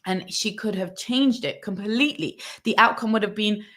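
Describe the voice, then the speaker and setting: A woman relationship coach talks earnestly to her audience, her voice sitting at an ordinary middle pitch. She is coaxing and encouraging, and often breaks off to act out the gentle words a partner might say. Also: normal speed. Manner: earnest, coaxing, acts out sample dialogue, tag questions like "right?". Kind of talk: coaching monologue breaking down a film scene.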